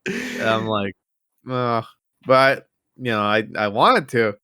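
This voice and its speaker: A man's voice: fairly even intonation, takes it slowly, sharp tone, clear, resonant tone, no echo, studio quality. A young man co-hosting a podcast, telling loose, rambling stories in casual chat and swearing now and then. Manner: loose and rambling, swears, restarts, mimics his mom in a high voice. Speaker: podcast co-host.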